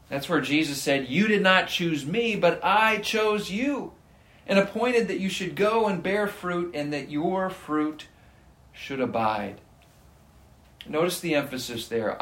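Male preacher, earnest and emphatic, unhurried delivery, reverberant room. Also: a little high, fairly bright tone. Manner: earnest, slow and emphatic, reads scripture aloud. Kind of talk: sermon. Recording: echoey room.

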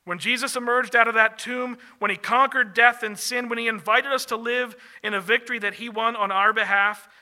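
A male pastor delivering a sermon in an earnest way, slowing and dropping to a soft, quiet voice on key phrases. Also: very high voice, fairly even intonation. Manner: earnest, slows and drops softly on key phrases.

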